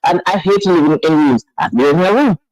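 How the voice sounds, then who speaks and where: A woman calling into a talk show, talking in an earnest, halting way that repeats and restarts phrases. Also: lowish voice, darkish tone, dry recording, low-quality recording. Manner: emotional, earnest. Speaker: caller. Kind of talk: phone-in chat.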